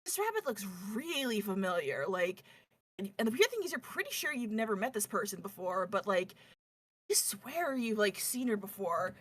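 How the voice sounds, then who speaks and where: A woman's voice: medium pitch, very animated, moderate pace, a bit bright, slightly rough, no room sound. A woman narrating as game master in a tabletop game, rambling with lots of fillers.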